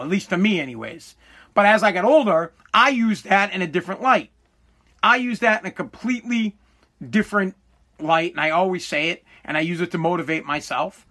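A man's voice: sits high, bright, forceful tone. A man in his forties hosting a podcast, giving an emphatic, profane motivational monologue full of restarts. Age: 40s. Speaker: podcast host.

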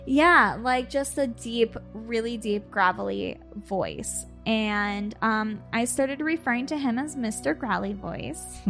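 Woman, podcast host, casual storytelling, animated, a bit high, video call. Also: slow pace, gravelly, soft background music. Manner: animated, laughing and swearing.

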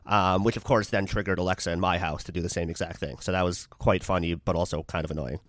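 A man's voice: deep voice, steady tone, fast talker, no echo, studio quality. A man co-hosting a podcast, chatting casually and musing aloud with lots of hedges. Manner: thoughtful, musing with hedges and fillers. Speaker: podcast co-host. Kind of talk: casual chat.

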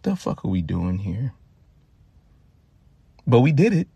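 A man in his thirties from Louisiana, hosting a podcast and telling profane, animated stories straight to his listeners. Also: mid-range voice, slow pace, gravelly, breathy edge, no echo. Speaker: podcast host. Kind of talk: casual storytelling monologue.

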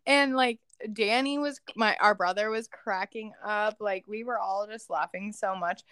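A woman's voice: medium pitch, measured pace, fairly bright tone, clean tone, dry recording. A young woman co-hosting a podcast, chatting and giggling as she recounts a family story. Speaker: podcast co-host. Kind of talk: casual chat.

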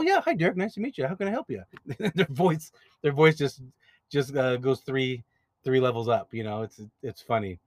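Hosting an advice podcast, a notary signing agent business owner explains things casually and directly, often repeating his words. His voice is on the high side, and the recording has no echo.

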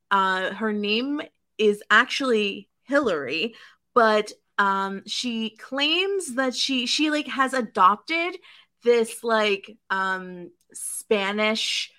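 Woman podcast co-host, chatty recapper, bright voice. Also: medium pitch. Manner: chatty, animated storytelling with lots of "like". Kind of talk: casual chat.

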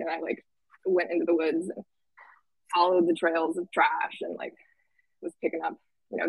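A young woman tells a camp story in an easygoing, chatty way, leaning on fillers and acting out what people said. Her voice has a slight gravelly fry. The sound is dry and close, with no room echo. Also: fairly low pitch. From Washington State. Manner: chatty, lots of "like" fillers, lively quoting. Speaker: camp staff guest. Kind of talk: casual storytelling.

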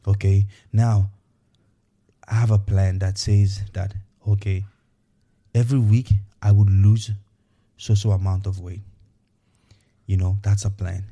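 Earnest low-voiced podcast host, dark tone. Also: male voice, flat delivery, a little slow, pauses often. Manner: earnest, repetitive, coaching tone with frequent "okay" and "you know". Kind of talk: motivational podcast monologue.

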